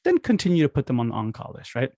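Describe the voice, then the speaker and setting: A man in a casual instructional talk who acts out phone calls with quick voice shifts. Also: medium pitch, huge pitch swings, dark tone, no room sound. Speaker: podcast host teaching dental marketing.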